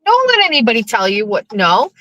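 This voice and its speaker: A woman in her fifties chatting casually from a moving vehicle, excitable and laughing, swearing freely. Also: a little high, a little fast, lo-fi sound. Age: 50s. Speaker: vlogger. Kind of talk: casual chat. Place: riding in a vehicle.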